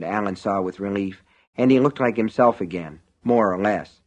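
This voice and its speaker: A man reading an audiobook in measured, vivid narration. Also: fairly low pitch. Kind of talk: scripted narration.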